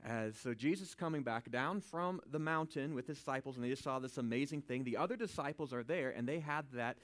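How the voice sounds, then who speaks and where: A man giving a conversational Bible teaching, animated and informal, swinging from quiet asides to loud emphasis and often checking in with "right?". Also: mid-range voice, fairly quick.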